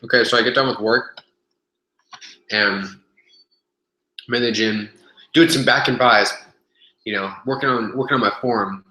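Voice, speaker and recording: A man's voice: medium pitch, steady tone, unhurried, pauses often, bright, forceful tone. A young man telling a gym story on a casual webcast, rambling, swearing freely, full of fillers and restarts, recorded on a webcam in a room. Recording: echoey room webcam audio.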